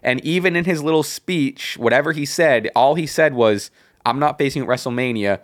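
A man's voice: mid-range voice, dry recording. Rambling man in a dry close mic. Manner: rambling, halting, with many restarts and laughs. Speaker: podcast co-host. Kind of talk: casual wrestling chat.

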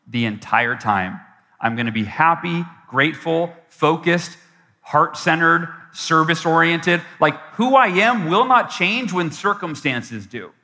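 A man's voice: fairly high pitch, sharp tone. A man giving a motivational keynote and telling a story, acting out his own past voice with big swings. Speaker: keynote speaker. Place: large event hall. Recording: long hall reverb from a live event.

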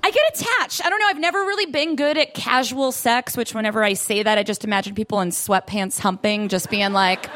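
A woman's voice: on the high side, brisk, few pauses, a bit bright. A woman in her thirties doing a self-deprecating stand-up set on a club stage, often laughing through her lines. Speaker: stand-up comedian.

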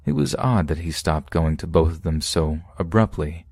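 A man narrating true scary stories in a steady first-person reading. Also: sits low, normal speed, creaky, dry recording, studio quality. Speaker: podcast narrator.

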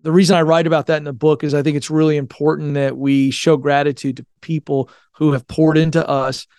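Guest author, middle-aged man, earnest folksy storyteller, fairly high and clear. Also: level tone, brisk, a little mellow, no echo, studio quality. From Virginia, Tidewater area. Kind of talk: storytelling in a podcast interview.

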